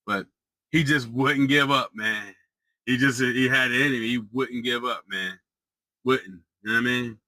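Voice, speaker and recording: A young man in casual speech telling a story, jumping up high when he quotes himself and sinking low and quiet when he reflects. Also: unhurried, no echo. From United States. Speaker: storyteller vlogger.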